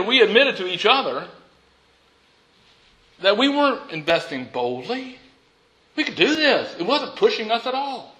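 A middle-aged man delivering a sermon as a pastor, emphatic and often laughing. His voice sits high, swoops widely in pitch and has a bright, forceful edge. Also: rough recording. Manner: lively, chuckling and emphatic.

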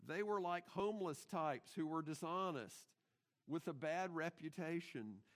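A man's voice: on the high side, unhurried. A middle-aged pastor preaching a sermon in his church, emphatic and putting rhetorical questions to the congregation. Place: church sanctuary.

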